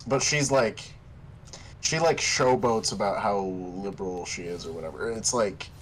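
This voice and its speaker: A man's voice: on the low side, unhurried, a little hiss or hum, poor audio. A man chatting with friends during a game stream, explaining things and laughing along. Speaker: gaming companion. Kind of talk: casual chat while gaming.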